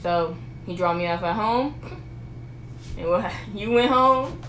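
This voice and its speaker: A woman's voice: mid-range voice, takes it slowly. A young woman hosting a couple's vlog, telling a story in casual chat and acting out what people said. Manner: animated storyteller, acts out quotes. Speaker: vlog co-host. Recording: echoey room with faint noise.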